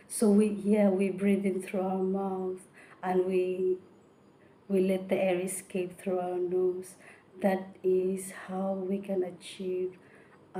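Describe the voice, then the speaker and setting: A woman giving a casual spoken singing tutorial, halting with many fillers and restarts, some words slipping into a whisper. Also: medium pitch, mellow, slight background noise. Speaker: vocal technique presenter.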